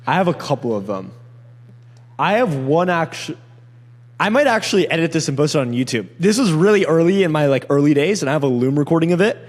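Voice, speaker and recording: A young man in casual chat about sales closing, talking quickly and acting out sales call lines. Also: fairly high pitch, big-room sound. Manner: fast, animated, acts out sales call lines. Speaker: sales closer.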